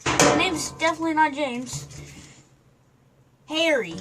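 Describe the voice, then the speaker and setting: A woman vlogging casually as she unboxes a puppet, playful and excitable, with some casual swearing. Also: high-pitched, a little slow, a little hiss or hum. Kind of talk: casual goofy chat.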